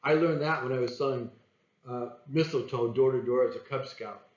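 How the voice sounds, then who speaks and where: A man's voice: medium pitch, normal speed, dull audio. Man coaching sales in an echoey room. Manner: plain-spoken, acts out phone calls. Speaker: sales trainer.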